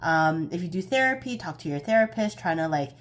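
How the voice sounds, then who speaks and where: A woman's voice: on the low side, expressive, brisk. A young woman giving a casual pick-a-card tarot reading, chatty and a bit scattered, often laughing at herself.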